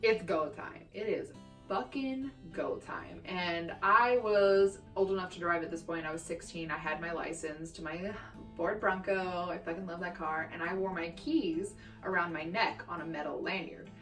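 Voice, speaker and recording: A young woman from Texas telling childhood stories in a brash, profane, animated way for her vlog. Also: fairly low pitch, normal speed. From Texas, USA. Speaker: vlogger. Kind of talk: storytime vlog. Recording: roomy echo, distant mic, faint guitar music.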